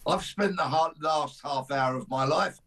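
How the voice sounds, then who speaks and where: A man appearing as a studio guest on talk radio, speaking in a measured, dry and wry way. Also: fairly high pitch, fairly bright tone. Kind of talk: radio discussion.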